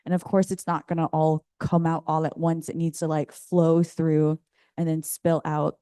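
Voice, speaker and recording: A woman's voice: low voice, flat delivery, moderate pace, mellow, no room sound, studio quality. A woman speaking as a community advocate on a panel, casual and chatty, explaining her points through images. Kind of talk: panel discussion remarks. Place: conference room.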